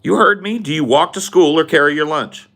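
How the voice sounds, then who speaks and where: A man's voice: fairly high pitch, a little fast, a bit bright, pitched above the performer's own voice. A man voicing a middle-aged prankster dad who asks nonsense questions in a mock-serious, insistent way.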